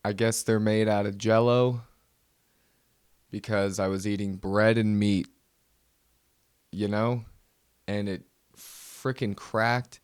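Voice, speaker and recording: A man's voice: fairly low pitch, steady tone, takes it slowly, pauses often, smooth, no echo, clean studio sound. A man hosting his own comedy podcast, ranting nervously and mocking himself. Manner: nervous, self-mocking rant. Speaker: podcast host. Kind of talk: solo comedy podcast monologue.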